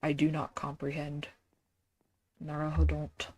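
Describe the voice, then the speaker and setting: A woman's voice: sits low, fairly even intonation, slow pace, vocal fry, slight background noise. A woman streaming a game, chatting casually and rambling with lots of fillers and self-deprecating asides.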